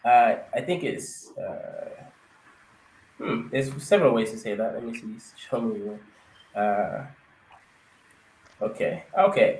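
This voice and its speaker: A man's voice: lowish voice, expressive, a little slow, pauses often, a little mellow. Kenyan guy hosting, chill, laughs a lot, echoey room. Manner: easygoing, laughs often, thinks aloud with fillers. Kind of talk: casual chat. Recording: echoey room with faint background noise.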